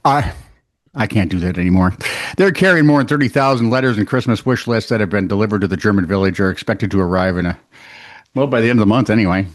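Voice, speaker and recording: A man's voice: lowish voice, fast talker, dry recording, clean studio sound. A man co-hosting a podcast, chatting casually and joking, with bursts of silly put-on voices. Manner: jokey, animated, puts on silly voices. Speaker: podcast co-host. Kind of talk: casual comedic banter.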